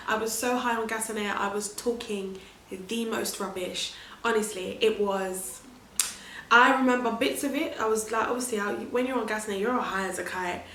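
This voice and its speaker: Brief: animated woman vlogger, casual storytelling, echoey room. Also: mid-range voice, moderate pace, a little hiss or hum. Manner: chatty and animated, laughing often. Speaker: vlogger sharing her birth story. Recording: roomy echo.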